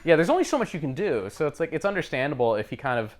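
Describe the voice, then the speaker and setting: A man co-hosting a casual film-discussion podcast, animated and laughing often. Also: on the high side, rapid-fire, over a noisy crowd. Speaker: podcast co-host.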